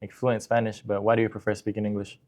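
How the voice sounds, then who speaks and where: A man interviewing a guest casually, asking quick, curious follow-up questions. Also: lowish voice, flat delivery, darkish tone.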